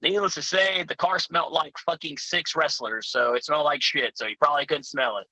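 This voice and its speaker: A man's voice: on the high side, steady tone, fairly quick, pushed and bright, no room sound, poor audio. A man telling profane, rowdy road stories in a casual chat as a guest. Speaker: pro wrestler guest.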